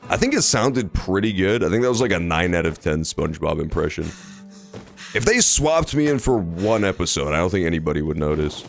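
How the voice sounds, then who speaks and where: A man streams a game over soft background music, joking around casually and swearing a lot as he comments on his play. His gravelly voice is expressive and a little fast, leaping between high and low pitch.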